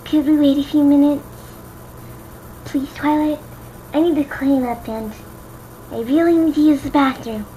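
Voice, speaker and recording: A timid young pegasus mare with a squeaky, pleading voice that sits well above an ordinary woman's talk, as a woman reader puts her on. She speaks gently, asking rather than telling, with a faint hiss of background noise. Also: steady tone, normal speed, long pauses, natural voice, rough recording. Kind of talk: fan reading with voiced characters.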